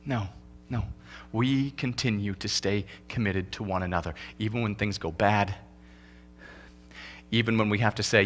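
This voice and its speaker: A male pastor delivers an animated sermon in a church, swinging between loud, emphatic lines and quiet, low ones. He acts out couples' lines in quick, comic voices.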